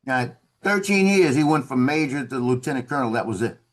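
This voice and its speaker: A man talks over a video call. He tells a story in a relaxed, conversational way. He slips into the voices of the officers he quotes. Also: mid-range voice, fairly quick. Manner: animated, acts out quoted officers. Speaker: former Marine telling a story.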